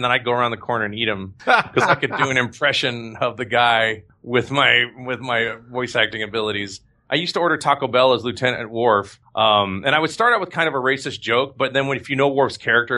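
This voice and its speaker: Bright-voiced animated man telling stories. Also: mid-range voice, a little fast. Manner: animated storyteller, slips into voices. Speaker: voice actor guest. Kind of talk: casual chat.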